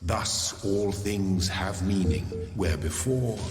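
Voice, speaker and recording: A man voicing an ancient male creator spirit in a game, speaking slowly and solemnly. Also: sits low. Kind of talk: game narration. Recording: roomy long reverb under music.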